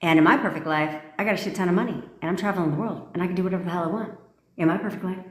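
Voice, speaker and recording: A woman's voice: fairly low pitch, racing, slight background noise. A woman manifestation coach on a livestream, giving a blunt, profane pep talk and repeating commands for emphasis. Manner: blunt, profane, forceful ranting. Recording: echoey room.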